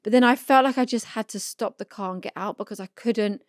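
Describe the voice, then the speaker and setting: A woman in her thirties, a podcast co-host, chatting casually and telling a story with animated reenactment. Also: mid-range voice, brisk, no room sound, studio quality. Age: 30s.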